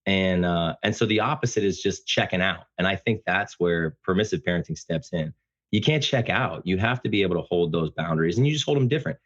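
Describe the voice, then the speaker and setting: A man speaking as a podcast guest, talking about fatherhood in an earnest, emphatic, loud-voiced way. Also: low voice, expressive, fairly quick, lo-fi sound. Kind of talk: casual interview conversation.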